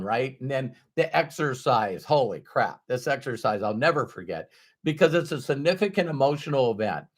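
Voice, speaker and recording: A middle-aged man speaking as a motivational speaker, telling a personal story candidly, with sudden loud animated bursts. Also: on the high side.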